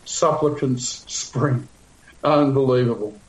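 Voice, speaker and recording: A man's voice: medium pitch, takes it slowly, roomy sound, low-quality recording. A male pastor teaching a Bible passage in a sermon, conversational with frequent fillers, restarts and wry asides.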